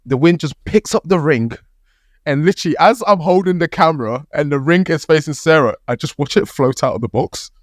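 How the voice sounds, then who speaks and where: A young British man, a podcast co-host, telling a story in an animated, casual way, laughing and swearing as he goes. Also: a little high, fairly quick, no echo, clean studio sound.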